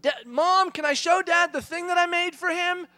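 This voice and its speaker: A man's voice: extremely high pitch, normal speed, bright, forceful tone, no room sound, voice pushed up. A man voicing his small daughter, eager to show him the drawing she made. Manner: pleading, eager. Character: small eager girl showing her drawing.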